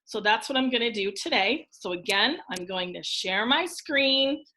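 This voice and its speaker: A woman teacher giving a recorded phonics lesson to young children, speaking in an encouraging way and enunciating each word clearly. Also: fairly high pitch, animated, normal speed, pushed and bright. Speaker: elementary school teacher.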